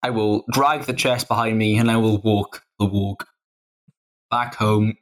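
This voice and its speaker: A man's voice: on the low side, steady tone, a little slow. A man playing a tabletop game, talking in character in a loose, hesitant way with many "uh"s and the odd swear. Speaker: player. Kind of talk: in-character tabletop role-play.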